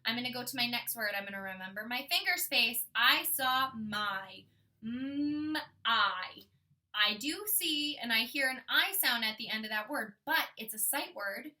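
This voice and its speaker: A young woman teaching kindergarten, modeling writing and thinking out loud as she slowly sounds out letters for young children. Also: on the high side, distant mic.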